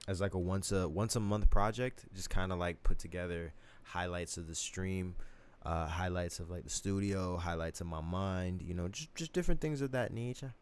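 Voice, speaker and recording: A young man with a deep, low voice talks to his viewers on a casual late-night stream from his home studio. He rambles loosely, jokes around and swears freely. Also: little pitch movement, moderate pace, slight background noise. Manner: loose, profane, rambling and joking. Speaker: streamer and musician.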